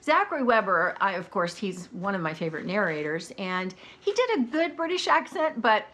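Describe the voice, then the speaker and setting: An American woman in her twenties or thirties, chatting candidly in a casual video review of audiobooks. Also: moderate pace. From United States. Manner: chatty, candid, animated pitch swings.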